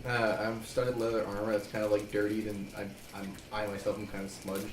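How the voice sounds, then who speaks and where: A man's voice: fairly low pitch, monotone, a little fast. A man player describing his character casually, rambling with many fillers. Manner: rambling, many likes and ums. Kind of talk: casual tabletop chat. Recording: echoey room with background noise.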